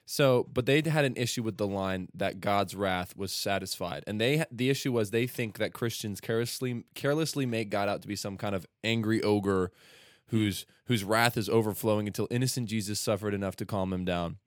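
An eager man with a low voice talks through the meaning of a hymn's lyrics in a relaxed podcast conversation. He sounds American and explains ideas at length with obvious enthusiasm. The recording is close and dry. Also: fairly quick, dry recording. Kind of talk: casual chat about hymns.

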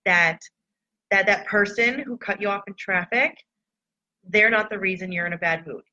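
A woman with a bright, forceful voice shares personal reflections in a candid, loose way. She talks casually to her followers, and the sound is dull and lo-fi. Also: medium pitch, normal speed. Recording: dull lo-fi recording.

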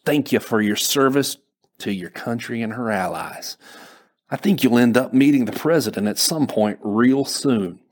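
A man's voice: mid-range voice, normal speed, natural voice. A man voicing a friendly, jovial male embassy official with a Southern Texas accent.

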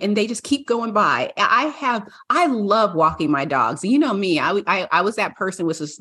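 A woman co-hosting a podcast in casual chat, an animated storyteller who laughs often. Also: moderate pace, hardly any pauses, husky. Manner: animated storyteller, acts out her dogs in high voices, laughs often. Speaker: podcast co-host.

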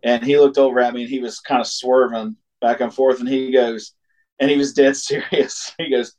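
An animated man from Ohio, a singer-songwriter guest, tells a road story casually at medium pitch and moderate pace. He laughs often and acts out the voices he quotes. The recording is rough.

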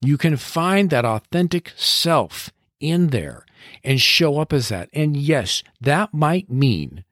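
A man's voice: a little high, sing-song, slow pace, fairly bright tone, no room sound, clean studio sound. A middle-aged man hosting a motivational podcast, speaking earnestly and encouragingly and sometimes laughing at himself. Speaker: podcast host and coach.

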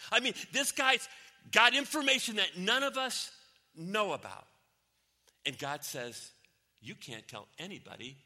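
Male pastor, high and piercingly bright, dynamic sermon delivery. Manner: animated, swinging from loud exclamations to near whispers.

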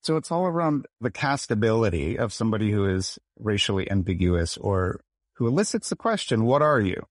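A man from Michigan tells his story in an animated, conversational way and acts out the quoted voices as he goes. His voice sits a little low. The sound is dry and close to the mic, with no room around it. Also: dry recording. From United States, Michigan. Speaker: actor, podcast guest.

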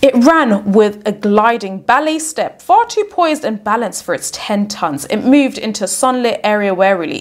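A woman teaches an English exam lesson, breaking down a story passage point by point. She talks in a plain, explanatory way and keeps checking in with the listener, "okay?". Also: medium pitch.

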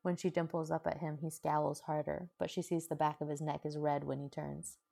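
A woman narrates a story in an even, unhurried way. Her voice is low and gravelly, with a creaky fry. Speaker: reader. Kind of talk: audiobook-style fanfiction reading.

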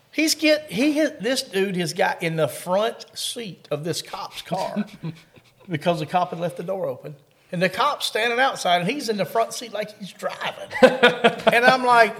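A man's voice: sits high, animated, normal speed, vocal fry, a bit bright. A middle-aged man from Kentucky with a Southern accent, a coon hunting dog handler telling a story in an interview in a folksy way. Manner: folksy storyteller, laughs through the funny parts.

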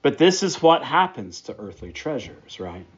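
A man's voice: mid-range voice, big pitch swings, normal speed, breathy edge, dull audio. A man preaching a sermon, praying and then teaching through a Bible passage with emphatic, repeated phrases. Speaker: pastor.

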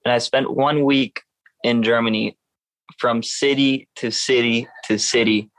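A young man tells a lively story as an interview guest, switching into other people's voices as he recounts what they said. His voice sits at an ordinary middle pitch and sounds close and dry, with no room echo. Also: a little slow. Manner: animated, acts out other people's lines in a raised voice. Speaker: professional surfer guest.

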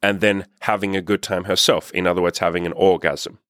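A man's voice: sits low, flat delivery, fairly quick, fairly bright tone, no echo, studio quality. A man talking as a dating coach, giving blunt, profane, emphatic advice straight to his viewers. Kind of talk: direct-to-camera advice monologue.

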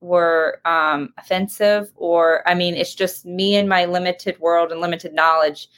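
A woman's voice: fairly low pitch, fairly even intonation, measured pace, a bit bright. A woman hosting a webinar and reading out audience questions, speaking hesitantly with many filler ums. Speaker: host. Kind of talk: moderating a webinar Q&A.

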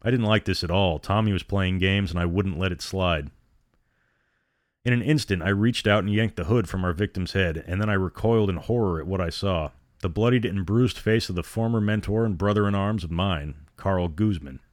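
A man narrating a scripted horror story in a steady, grim storytelling manner. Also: low voice, moderate pace, dry recording, studio quality.

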